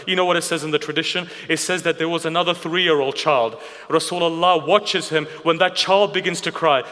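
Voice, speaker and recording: A man delivering an emotional religious sermon, telling stories with many rhetorical questions. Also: fairly high pitch. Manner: emotional, rhetorical questions, drops to a hushed weeping tone. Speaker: speaker at a mourning gathering. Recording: reverberant hall.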